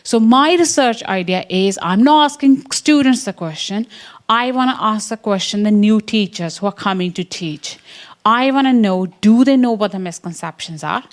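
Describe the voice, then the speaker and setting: A woman's voice: mid-range voice, animated, moderate pace. A woman from the English Midlands with an Indian accent, a science education researcher presenting to a room and checking in with her listeners. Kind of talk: academic talk with slides.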